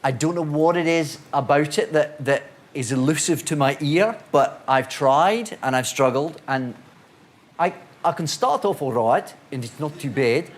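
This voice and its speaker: A man's voice: fairly high pitch, measured pace. A man who acts for a living tells a self-deprecating comic story on a panel show. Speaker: actor guest. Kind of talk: comic monologue. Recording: studio audience and noise.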